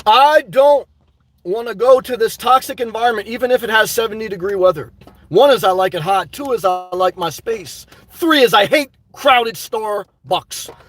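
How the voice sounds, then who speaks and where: This man's high voice moves at a moderate pace as he hosts a live stream, ranting hard about his own life and calling out his supporters, sweaty and agitated.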